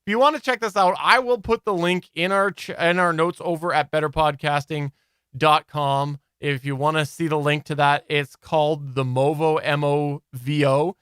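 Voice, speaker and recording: A man co-hosting a live podcast chat, talking in an animated, casual way and laughing easily. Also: fairly high pitch, normal speed, clean tone, no room sound, clean studio sound. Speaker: podcast co-host.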